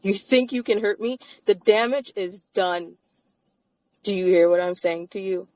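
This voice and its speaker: A woman's voice: mid-range voice, unhurried, darkish tone, no echo, poor audio. A tired woman co-hosting a live-stream chat, emphatic and repetitive, swearing freely. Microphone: streaming mic.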